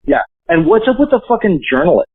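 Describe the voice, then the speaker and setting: A man talking as a podcast guest in casual chat, joking and cursing as he tells stories in a lively way. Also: high-pitched, fast, husky, no echo. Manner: profane, joking, animated storyteller. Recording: tinny dry phone line.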